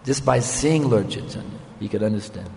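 An older male spiritual teacher with a gravelly voice tells a story in a sermon. He keeps checking in with his listeners in a conversational way. A long hall reverb trails his words. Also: lowish voice, animated, moderate pace, a little mellow.

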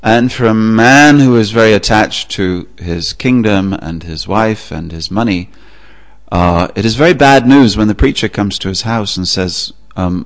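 A man preaching a sermon, telling a story with a relaxed, anecdotal manner and frequent pauses. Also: lowish voice. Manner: anecdotal, with fillers. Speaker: religious preacher.

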